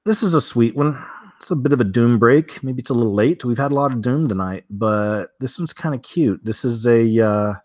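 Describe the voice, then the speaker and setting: A man hosts a weird-news show, reading headlines aloud and riffing on them with chatty, offhand asides. His mid-range voice is a little mellow and moves at a moderate pace, recorded dry with clean studio sound.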